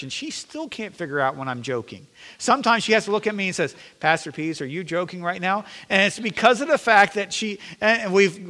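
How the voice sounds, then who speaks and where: Bright-voiced preaching pastor, man. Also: high voice. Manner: earnest preaching with self-deprecating jokes. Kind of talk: sermon. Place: church sanctuary. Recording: long reverb of a church sanctuary.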